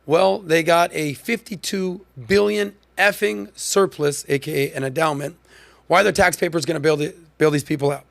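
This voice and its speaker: A man's voice: fairly high pitch, normal speed, creaky. A man hosting a podcast, delivering a punchy, emphatic commentary monologue. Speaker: podcast host.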